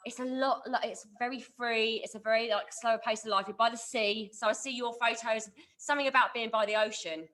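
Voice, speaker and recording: Bright-voiced woman with a Kent accent. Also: a little high, fairly even intonation, a little fast, hardly any pauses. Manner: casual, filler-heavy, thinks aloud. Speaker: podcast co-host. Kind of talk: casual chat.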